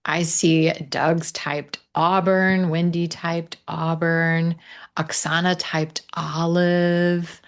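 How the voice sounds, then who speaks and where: Slow-spoken Missouri-accented teacher. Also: male voice, on the high side, little pitch movement, clean tone. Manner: slow, drawn-out model phrases. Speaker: pronunciation teacher. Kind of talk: live online English lesson. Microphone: video call.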